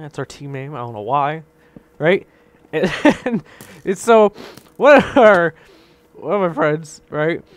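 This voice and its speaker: Young-sounding guy, higher voice, very bouncy delivery, rambling story over a game. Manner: animated, rambling, tags lines with "right?"; laughs often while telling the story. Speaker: gaming channel host. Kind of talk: casual storytelling over gameplay.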